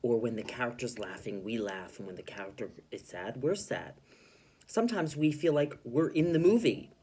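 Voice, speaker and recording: A male teacher giving an expressive reading lesson to children, explaining how to voice story characters. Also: fairly high pitch, slightly rough.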